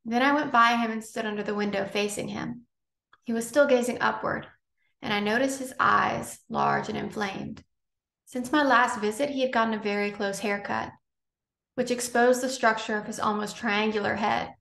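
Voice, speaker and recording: Audiobook narrator: woman, measured read, slightly high voice, roomy echo. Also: steady tone, vocal fry, a bit bright. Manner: measured, unhurried reading.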